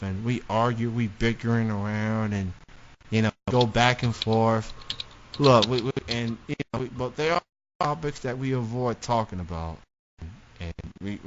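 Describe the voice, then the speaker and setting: A man from the southern United States co-hosts a casual radio talk show, stumbling over his words, doubling back and repeating himself as he goes. His voice sits at an ordinary middle pitch. The recording is dull and lo-fi. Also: slight background noise. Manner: halting, repeats words and restarts, laughs often. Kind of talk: casual banter.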